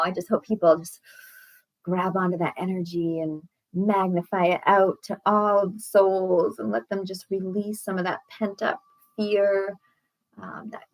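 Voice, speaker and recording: A woman's voice: medium pitch, no room sound, poor audio. A woman hosting an online group prayer and meditation, talking casually in an effusive, affirming, encouraging way. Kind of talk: casual spiritual livestream talk.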